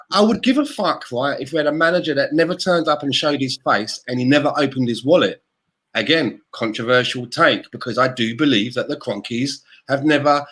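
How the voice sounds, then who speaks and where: A man in the middle of a heated, expletive-filled podcast rant, his voice sitting fairly high. He keeps the tone conversational and blunt as he argues his point. It is loose, unscripted chat between friends. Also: fairly bright tone. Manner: heated, sweary ranting. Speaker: podcast co-host.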